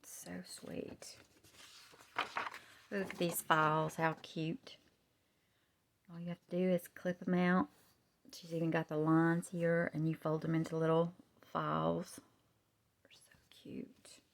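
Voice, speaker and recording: Low-voiced gushing woman, half-whispered. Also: monotone, a little slow, a little hiss or hum. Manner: gushing, often softly whispering. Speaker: craft vlogger. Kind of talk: show-and-tell craft vlog. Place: home, husband in another room. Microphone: camera held close up.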